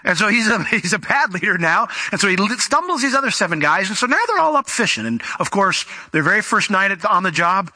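A man's voice: high voice, expressive, a little fast, pushed and bright, dry recording. A man preaching a sermon in a conversational, storytelling way, briefly acting out the voices of Bible characters. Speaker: pastor.

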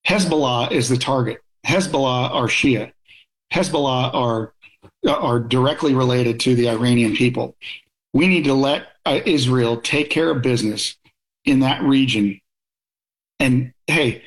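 A man's voice: medium pitch, a little slow, poor audio. A middle-aged man speaking as an interview guest, a military officer giving blunt, opinionated views and telling stories in a conversational way.

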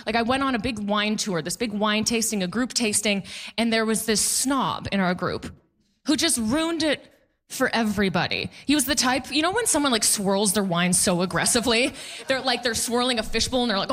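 Stand-up comic, woman in her 30s, bright and a bit high, dry punchy sarcasm. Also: lively intonation, moderate pace. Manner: sarcastic, punchy, self-mocking. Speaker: stand-up comedian. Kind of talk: stand-up comedy set.

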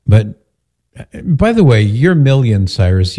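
A man's voice: mid-range voice, sing-song, unhurried, dark tone. A man hosting a radio talk show, joking and teasing his co-host in casual banter.

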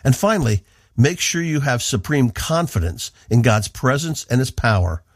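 A man's voice: mid-range voice, sing-song, moderate pace, dry recording. A man from the northeastern United States, a radio Bible teacher giving an earnest, emphatic devotional talk into a studio microphone.

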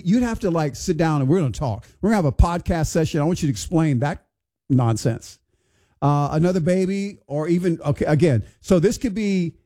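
Man, morning radio host, casual chat, bemused, warm mellow tone, somewhat high pitch. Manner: bemused, wondering aloud, conversational. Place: radio studio.

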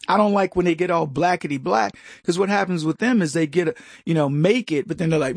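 American guy ranting commentary, kinda high raspy voice, keeps restarting sentences. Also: very animated, a little fast, hardly any pauses, dry recording, clean studio sound. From United States. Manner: emphatic, stumbling restarts, mocking voices for others. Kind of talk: opinionated monologue.

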